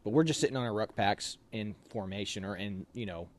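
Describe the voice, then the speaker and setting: Animated young man telling army stories. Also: on the low side, a little fast. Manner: animated, laughs while telling, acts out quotes. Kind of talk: casual storytelling.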